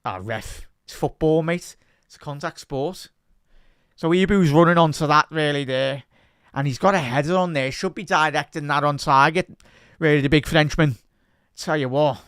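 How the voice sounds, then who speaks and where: Excitable man commentating live. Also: on the high side, clear, resonant tone, dry recording, clean studio sound. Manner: excitable, chatty fan commentary, talks to the chat. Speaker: host of a live football watch-along. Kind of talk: live match commentary and chat with viewers.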